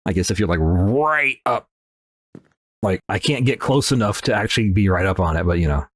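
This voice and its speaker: Playing a horror game, a man hosting a let's play chats casually in an expressive, lowish voice at moderate speed, wandering off topic, mocking himself, and talking to the game. A recent sneeze leaves him slightly nasal, and the recording is dry and studio quality.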